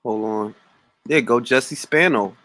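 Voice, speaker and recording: A man's voice: mid-range voice, measured pace, fairly bright tone. A man hosting a boxing talk stream, casual, profane and jumping between topics. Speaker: boxing talk show host. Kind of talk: casual livestream chat.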